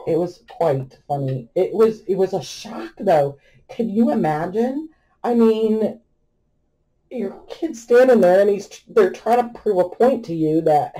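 Mellow-voiced woman telling a chatty story. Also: medium pitch, a little slow. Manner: chatty storyteller, laughs often, animated retelling. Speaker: crafting vlogger. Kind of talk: casual anecdote while crafting.

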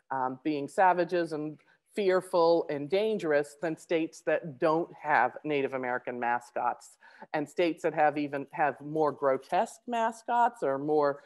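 A woman giving a conference presentation, talking fast with many restarts and fillers. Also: low voice, a little mellow.

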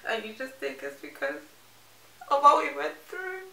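A woman's voice: sits high, wildly swooping pitch, normal speed, vocal fry, bright, forceful tone. A woman from South Africa chatting casually in a reaction vlog, rambling and laughing between phrases. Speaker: reaction vlogger. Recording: roomy echo with music faintly behind.

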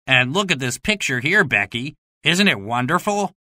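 A woman's voice: very deep voice, expressive, normal speed, bright, forceful tone, dry recording, studio quality, voice pushed down, heavily acted. A woman reading a storybook, voicing a jealous young schoolboy who resents a rival. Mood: eager. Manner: sulky, resentful.

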